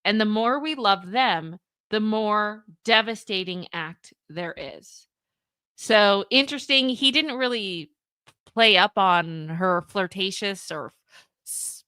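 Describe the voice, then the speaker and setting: A woman's voice: mid-range voice, sharp tone, smooth, no room sound, studio quality. A young woman hosting a live reaction stream, reading messages aloud and reacting with laughing disbelief. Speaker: commentary livestream host.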